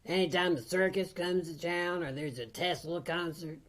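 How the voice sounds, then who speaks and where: A woman co-host of a comedy podcast, with a lowish voice. She tells a rambling tall tale with dry, folksy deadpan. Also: normal speed. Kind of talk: deadpan comic storytelling.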